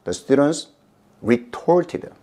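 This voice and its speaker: A middle-aged male pastor with a Korean accent, preaching a sermon in a slow, emphatic way. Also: lively intonation, warm tone. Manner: slow, emphatic delivery with big pitch swings.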